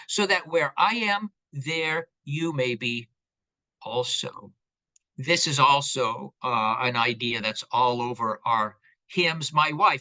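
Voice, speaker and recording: A man giving a conversational lecture in a relaxed way, with frequent fillers and asides. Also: mid-range voice, low-quality recording.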